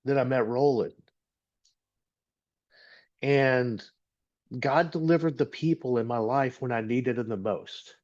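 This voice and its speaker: A middle-aged man from Texas giving an earnest, halting personal testimony as a guest speaker, often repeating words as he gathers his thoughts. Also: mid-range voice, a little mellow. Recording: dull lo-fi recording.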